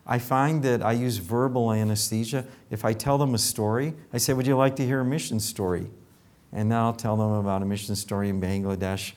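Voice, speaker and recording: An older man with a lowish voice tells stories from his dental practice in a relaxed, chatty way. He slips into other people's lines as he acts out quotes. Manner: animated anecdotes with acted quotes. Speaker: dentist. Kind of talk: casual storytelling.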